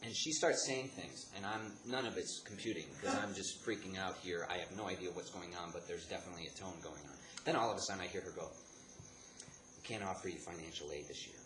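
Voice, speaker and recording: A man from the Chicago area telling a comic story, animated, jumping between laughing outbursts and hushed asides. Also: sits low, fast talker. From Chicago area, United States. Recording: echoey room with background noise.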